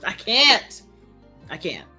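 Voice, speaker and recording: A woman's voice: mid-range voice, huge pitch swings, takes it slowly, pushed and bright, breathy edge, faint music behind. A woman co-hosting a casual podcast chat about a TV episode, recounting scenes expressively and laughing often. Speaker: podcast co-host.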